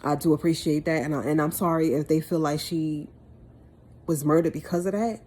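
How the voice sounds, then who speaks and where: A woman's voice: low-pitched, fairly even intonation, brisk, warm tone. A woman vlogger speaking a heartfelt monologue to the camera, impassioned and repeating phrases for emphasis.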